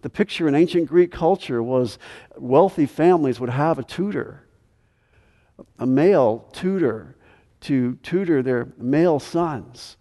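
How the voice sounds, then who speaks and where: Male preacher, mid-high pitch, mellow tone, measured expository delivery, reverberant hall. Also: expressive. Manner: measured teaching with emphatic rises. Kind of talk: expository sermon.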